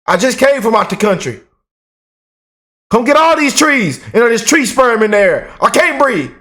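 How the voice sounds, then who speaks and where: A man hosting his own channel, ranting in animated, repetitive, emphatic political commentary. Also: extremely high pitch, normal speed.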